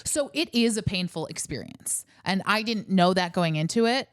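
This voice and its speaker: A woman in her thirties co-hosting a podcast, speaking candidly and relaxed in casual chat. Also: medium pitch, normal speed, clear, resonant tone, dry recording, studio quality. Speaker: podcast co-host.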